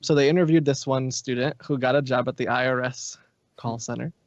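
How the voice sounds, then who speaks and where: A man's voice: medium pitch, steady tone, brisk, no room sound. Man telling long stories, dull dry sound. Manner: explains at length in long stories. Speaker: podcast guest. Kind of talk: casual podcast chat.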